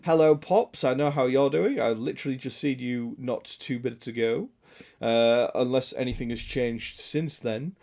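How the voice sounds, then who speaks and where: A man with a hoarse, raspy throat from illness, chatting casually and greeting viewers on a game stream, joking and swearing. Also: mid-range voice, normal speed, darkish tone. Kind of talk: casual live-stream chat.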